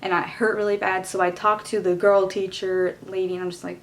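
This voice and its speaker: A young woman tells a storytime to her camera in a loose, exasperated chat, leaning on "like" and "you know." Her pitch sits in the middle for a woman. A faint hum of noise runs under the recording. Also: level tone, brisk, few pauses. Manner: casual, exasperated, heavy use of "like". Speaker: vlogger. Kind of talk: storytime vlog.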